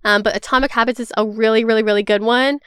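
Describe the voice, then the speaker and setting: A young woman in her twenties speaks fast in a slightly high, fairly bright, clean voice with fairly even intonation, captured in echo-free studio quality. As a podcast host she chats candidly and emotionally, rambling, leaning on "like," and swearing freely.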